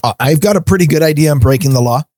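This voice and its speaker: Talking very fast, a middle-aged co-host rants in casual podcast chat, stammering on restarts and laughing between points. His voice is fairly high and a little mellow, with no room sound.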